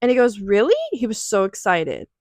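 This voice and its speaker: A woman's voice: mid-range voice, lively intonation, unhurried, no room sound. Woman, young adult, confessional vlog, emotional, rambling, near tears, dry close sound. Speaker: vlogger.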